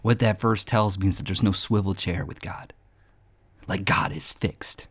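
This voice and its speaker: A man's voice: low voice, fairly even intonation, unhurried, breathy edge. A man hosting a devotional podcast. He teaches in a casual, earnest, storytelling way and often says "man.".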